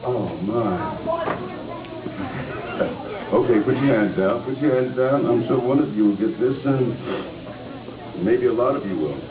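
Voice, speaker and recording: A man reading picture books aloud to schoolchildren in a school hall, playful and lively, asking them questions. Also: medium pitch, a little slow, long pauses, a crowd in the background. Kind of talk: reading aloud and talking with children. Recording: tinny distant echoey hall recording with noise.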